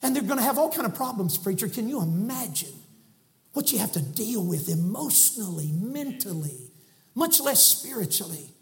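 A Southern preacher, a man, delivers a fiery sermon from the pulpit. His voice sits unusually high, and he swings from shouts down to near-hushed lines. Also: big pitch swings, moderate pace. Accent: Southern American. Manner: fiery, shouting preacher with sudden soft drops. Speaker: guest preacher. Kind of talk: impassioned sermon. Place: church sanctuary.

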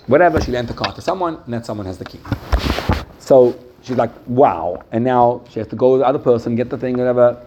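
Animated male teacher quizzing his class. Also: mid-range voice, fast, muffled recording, background noise. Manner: animated storytelling, rising excitedly and dropping softly. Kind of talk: lively lecture with questions to the audience.

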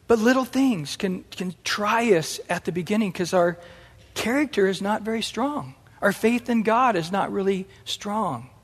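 A middle-aged man preaching a sermon in an animated way, acting out the voices he quotes. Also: high voice, measured pace, breathy edge. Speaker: pastor. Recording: long hall reverb.

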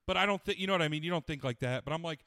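Profane, animated man retelling a cartoon. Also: a little high, rapid-fire, no room sound, studio quality. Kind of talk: crude casual chat.

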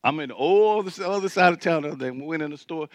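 A man's voice: on the high side, rapid-fire, dry recording. A male pastor preaching a sermon to his church, in a colloquial, joking way.

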